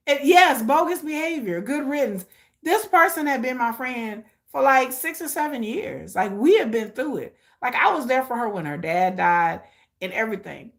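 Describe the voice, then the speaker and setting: A woman's voice: a little high, a bit bright. A middle-aged woman casually telling a personal story, blunt and emotional, swearing freely and acting out what others said. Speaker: live watch-along streamer.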